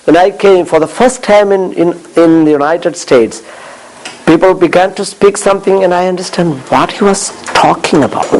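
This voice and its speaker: A man's voice: sits high, normal speed, darkish tone, low-quality recording. A man with an Indian accent, a priest chatting casually and telling stories with chuckles and many restarts. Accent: Indian English. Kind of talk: casual chat.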